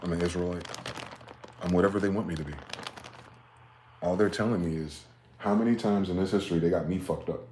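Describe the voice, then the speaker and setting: A man talking in a rambling, profane late-night monologue, swinging from loud outbursts to low muttering. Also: brisk, long pauses, reverberant, a little hiss or hum. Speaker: vlogger.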